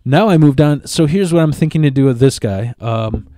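A man rambles through a long workplace story, swearing often and repeating words as he gets going. His voice is mellow and dark, at an ordinary pitch for a man. The recording is dry and close, with no room around it. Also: lively intonation, normal speed, no echo. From Chicago area. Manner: profane, rambling, repeats words when starting. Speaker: stand-up comedian guest. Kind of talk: casual podcast storytelling.

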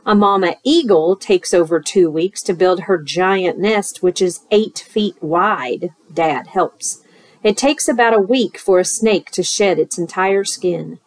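A woman teacher reading a picture book aloud, expressive and rhythmic, adding asides to children. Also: fairly low pitch, measured pace. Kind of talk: storytime read-aloud.

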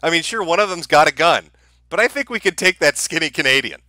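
Man, sarcastic commentator, lively pitch, bright tone. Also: quick pace, no echo. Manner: sarcastic, laughs at the footage. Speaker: online commentator. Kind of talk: mocking video commentary.

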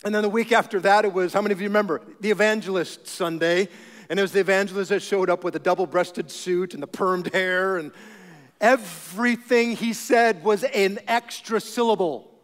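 High-voiced man preaching in a reverberant church. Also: moderate pace. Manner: animated, humorous storytelling. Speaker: pastor. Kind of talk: sermon.

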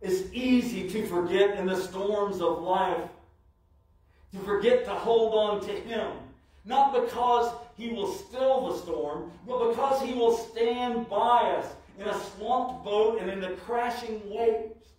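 Slow, emphatic man preaching in echoey church. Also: high-pitched, darkish tone. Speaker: pastor. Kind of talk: sermon. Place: church sanctuary. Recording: very echoey church, mic from far off.

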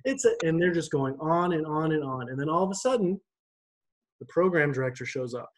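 Young man telling a lively church story. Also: a little high, brisk, low-quality recording. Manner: animated, conversational storytelling. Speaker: devotion speaker for a church. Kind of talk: storytelling devotion.

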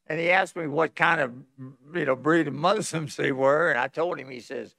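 A man's voice: on the high side, moderate pace, vocal fry, pushed and bright. A man in his eighties from West Virginia, a pastor with a West Virginian accent, telling folksy stories at a conference sermon and chuckling often. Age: 80s. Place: church conference hall.

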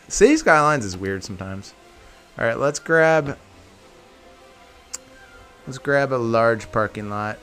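A man's voice: mid-range voice, gravelly, fairly bright tone. Chatty man narrating gameplay. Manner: chatty, talks to viewers as "guys"; thinks aloud, self-correcting. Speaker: video game tutorial creator. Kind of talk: casual gameplay commentary.

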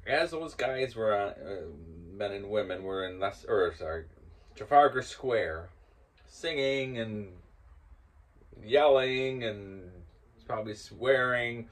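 An older man hosting and casually telling a story, growing loud and laughing as it builds. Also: medium pitch, animated, takes it slowly. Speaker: host.

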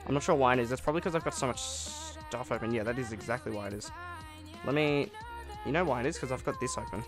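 A young man with a mid-range voice streams a game live, talking quickly and casually with viewers and answering their comments upbeat. Faint music plays in the background.

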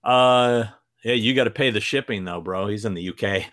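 A man's voice: lowish voice, normal speed, fairly bright tone, no room sound, clean studio sound. A man co-hosting a live horror podcast in casual chat, playful and prone to restarts. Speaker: podcast co-host.

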